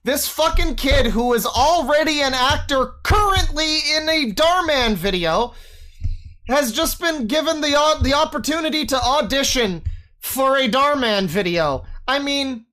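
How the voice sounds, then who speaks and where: A man's voice: extremely high pitch, lively intonation, measured pace, pushed and bright. A man streaming from a home setup with a desk microphone, reacting to videos with exasperated, sweary ranting. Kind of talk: live-stream reaction commentary.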